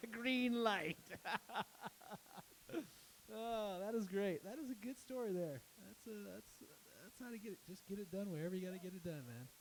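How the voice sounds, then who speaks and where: A man hosting a casual panel interview, relaxed and easygoing, chuckling between questions. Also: high-pitched, moderate pace, slight background noise, low-quality recording. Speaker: host, interviewer.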